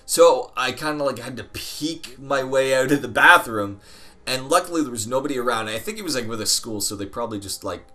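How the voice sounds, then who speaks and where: A man's voice: medium pitch, lively intonation, fairly quick, sharp tone, faint music behind. A man hosting a gaming video, telling a long casual story in a rambling, profane way while playing. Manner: rambling, profane, often laughing. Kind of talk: casual storytelling over gameplay.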